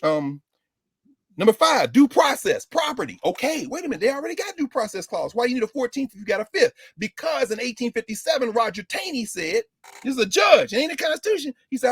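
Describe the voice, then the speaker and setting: A man giving a civics lecture with comic asides, animated and sardonic. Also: extremely high pitch, fairly quick, husky, dry recording, clean studio sound. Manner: animated, sardonic, slips into mock voices.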